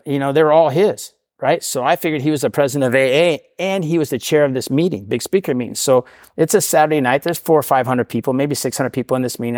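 A man's voice: medium pitch, dry recording, studio quality. A middle-aged man, a podcast guest, telling his recovery story casually, often tagging "right?" and laughing at himself.

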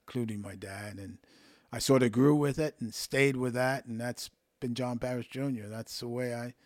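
An older man tells his coaching stories at an easy, measured pace. He slips into the voices of the people he quotes, and the sound is dry and close. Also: mid-range voice, fairly even intonation, a little mellow, no room sound. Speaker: hockey coach, guest. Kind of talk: relaxed interview storytelling.

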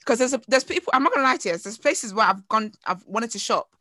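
A woman's voice: fairly high pitch, expressive, fast, pushed and bright, dry recording. A woman from England co-hosting a podcast, chatting casually and ranting bluntly about her opinions. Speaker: podcast co-host. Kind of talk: casual chat.

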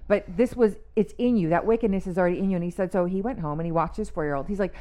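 A woman on a faith talk show, retelling a story in casual chat and acting out the quoted lines with lively emphasis. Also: mid-range voice, rapid-fire. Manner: animated storyteller who acts out quotes.

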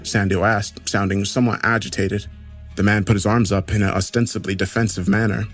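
Male horror storyteller, low husky voice, dramatic first-person telling, faint music behind. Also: level tone, fairly quick. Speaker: story narrator. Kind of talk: scripted horror story narration.

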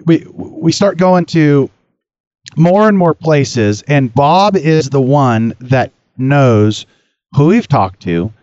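A man's voice: on the high side, animated, slow pace, darkish tone, dry recording. Rambling man telling a story on his talk show. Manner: rambling, repeats words, swears freely. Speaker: podcast host. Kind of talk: casual storytelling. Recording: slightly dull dry recording.

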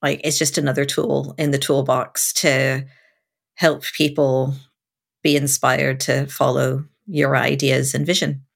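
A woman's voice: unhurried, vocal fry. A woman in her forties, a podcast guest, telling a candid story and acting out her own past thoughts with big swings in her voice. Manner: animated, acts out her own past thoughts with big pitch leaps and swearing.

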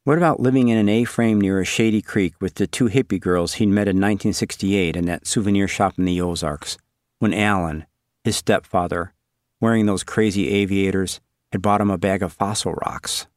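A man narrating a literary story in a measured, wry, inward way. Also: on the low side, no echo, clean studio sound.

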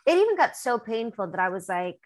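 A woman's voice: on the high side, very animated, fairly quick, low-quality recording. A woman singer-songwriter being interviewed, talking candidly and emotionally in a rambling way with many fillers.

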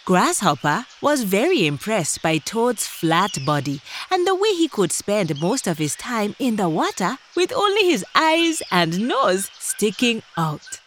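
A woman narrating a children's story in a gentle, expressive way, speaking directly to young listeners. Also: mid-range voice, measured pace, few pauses, slight background noise.

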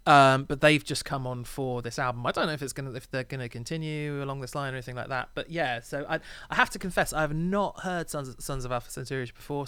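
Male co-host, playful, bright and dry-sounding voice. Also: mid-range voice, clean tone, no room sound. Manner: laughs often, teasing and playful. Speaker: podcast co-host. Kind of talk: casual chat about music.

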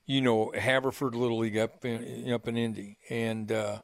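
A man's voice: mid-range voice, little pitch movement, moderate pace, gravelly, no echo, clean studio sound. An older man hosting a sports radio show, telling long rambling anecdotes with many restarts and "right?" tags. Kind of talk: casual radio storytelling. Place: radio studio.

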